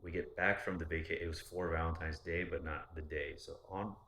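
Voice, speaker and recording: A man with a deep voice and a bright, pressed edge recounts a personal story casually. He talks in a candid, rambling way and swears freely. The sound carries a roomy echo. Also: steady tone, fairly quick, slight background noise.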